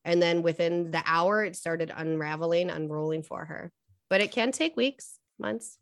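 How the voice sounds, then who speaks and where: A woman's voice: lowish voice, moderate pace, vocal fry, no echo. A young adult woman, a coach, talking earnestly in a casual podcast interview, telling stories with many fillers. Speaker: guest coach.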